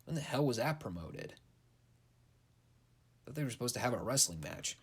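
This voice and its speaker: A man's voice: medium pitch, sing-song, normal speed, breathy edge. A young man giving a casual, blunt and sarcastic recap of wrestling shows, swearing freely. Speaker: wrestling show reviewer.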